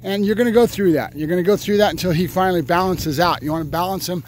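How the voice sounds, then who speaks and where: A man, a dog trainer, explaining his method step by step in a field, now and then breaking into excited praise for his dog. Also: sits high, quick pace, a little hiss or hum. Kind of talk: outdoor training demonstration. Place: open field outdoors.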